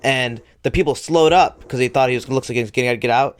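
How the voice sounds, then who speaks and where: A man's voice: mid-range voice, fast. A man co-hosting a podcast, talking football in a laid-back, hesitant way. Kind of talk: casual sports chat.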